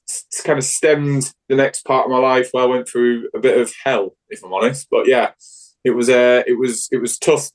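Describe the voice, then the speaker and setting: A man's voice: medium pitch, poor audio. A man with a Northern English accent, a guest in a casual interview, talking frankly with many restarts. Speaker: guest, Paralympic judoka.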